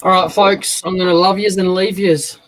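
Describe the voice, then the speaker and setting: A man with a high voice chatting as a guest on a live stream. He talks in a relaxed, teasing way. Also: normal speed, slight background noise. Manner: easygoing, teasing banter. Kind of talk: casual live stream chat.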